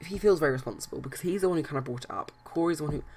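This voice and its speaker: A man's voice: fairly high pitch, racing, darkish tone. A man casually narrating his life-sim game let's play, rambling with many hesitations and restarts. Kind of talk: casual game commentary and storytelling.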